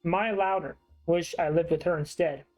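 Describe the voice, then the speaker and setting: A man's voice: fairly high pitch, steady tone, normal speed, a little mellow, soft background music, natural voice. A man voicing a small, sweet, chatty boy while reading game dialogue aloud.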